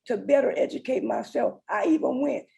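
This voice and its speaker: A woman's voice: high-pitched, sing-song, fairly quick, vocal fry, dark tone, rough recording. A woman in her forties giving an earnest, emotional personal testimony as a summit speaker. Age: 40s.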